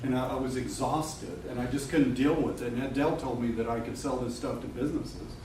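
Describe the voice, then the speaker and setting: A man's voice: medium pitch, steady tone, fairly quick, darkish tone. A middle-aged man giving a live webinar talk to a room of people, candid and joking, swearing and laughing often. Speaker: webinar presenter. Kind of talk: casual live talk to an audience. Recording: echoey room from a distance with background noise.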